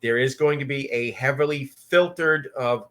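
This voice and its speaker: A man's voice: mid-range voice, moderate pace, fairly bright tone. A man co-hosting a casual episode commentary podcast, matter-of-fact, giving short replies and plain instructions. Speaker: podcast co-host.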